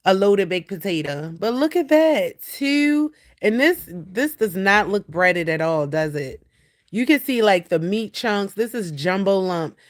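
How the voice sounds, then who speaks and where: A woman hosting a casual livestream from home, animated, blunt and profane as she talks straight to her viewers. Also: mid-range voice, measured pace. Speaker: livestream host. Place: at home indoors.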